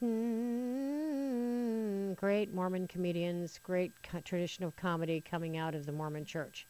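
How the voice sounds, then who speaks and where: A woman's voice: medium pitch, dry recording. A woman hosting a political talk radio show, sarcastic and opinionated, rambling with frequent restarts into a studio microphone.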